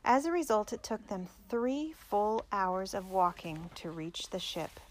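A woman narrating a biography aloud in a measured, clear storytelling manner. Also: medium pitch, animated.

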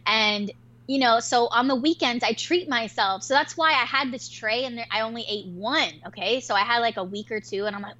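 A woman co-hosting a podcast, telling a story in a casual, animated way with plenty of swearing. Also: on the high side. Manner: animated, profane, quick-tempered storytelling. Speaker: podcast co-host.

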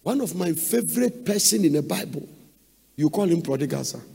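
A man from Ghana with a Ghanaian accent, preaching a sermon in a sing-song way that breaks into sudden shouts. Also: on the high side, lively intonation, a little fast, vocal fry, slightly rough.

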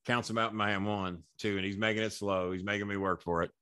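A man's voice: fairly low pitch, fairly even intonation, fast talker, bright, forceful tone, clear, resonant tone, dry recording, clean studio sound. A man in his sixties, a wrestling manager as guest, telling long rambling anecdotes with profanity and frequent restarts. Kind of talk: casual anecdotal storytelling.

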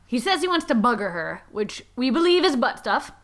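A woman hosting a comedy podcast, recapping a story aloud with sarcastic deadpan asides. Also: a little high, a little fast.

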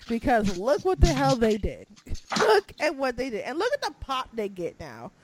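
A young woman co-hosting a casual wrestling chat, excitable and laughing, swinging from low mumbles to squeals. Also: a little slow, noisy background. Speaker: podcast co-host.

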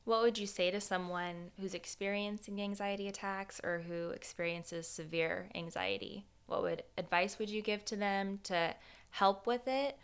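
A woman interviewing, asking gentle open questions as a brief, encouraging listener. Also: fairly low pitch, clear, resonant tone.

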